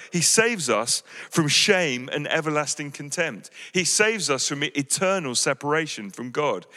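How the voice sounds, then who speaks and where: Man preaching, pastor, earnest, pleading, bright forceful voice, slightly high, long hall reverb. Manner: earnest, pleading, many restarts and "you know". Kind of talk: sermon.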